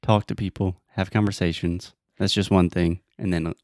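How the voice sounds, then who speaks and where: Southern american guy hosting a language podcast, real low voice, upbeat and teachery. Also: steady tone, normal speed, darkish tone, no echo, studio quality. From Southern United States. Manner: upbeat, teacherly, gives step-by-step advice. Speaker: podcast host and English teacher. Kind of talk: casual podcast chat.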